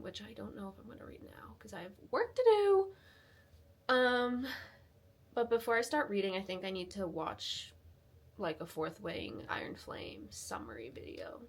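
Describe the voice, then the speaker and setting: Chatty young woman vlogging. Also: medium pitch. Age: 20s. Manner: excitable, chatty, full of fillers. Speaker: reading vlogger. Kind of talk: casual vlog chat.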